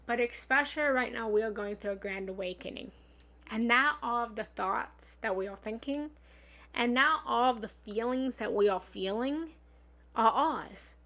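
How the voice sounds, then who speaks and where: Fairly high and a bit bright, a woman's voice carries an encouraging, earnest self-help live stream where she works as a spiritual love coach. She speaks frankly, sometimes swears, and repeats affirmations from her home office and meditation room.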